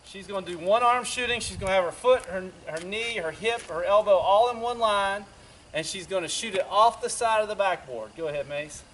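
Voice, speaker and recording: A man who directs parks and recreation, coaching basketball drills outdoors with quick, encouraging cues. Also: sits high, a bit bright, slight background noise.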